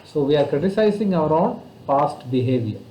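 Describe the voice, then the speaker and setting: A man with an Indian English accent from Kerala, teaching grammar online over a video call, explaining slowly and patiently with many fillers. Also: a little high, very animated, mellow, reverberant, a little hiss or hum, poor audio. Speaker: English tutor.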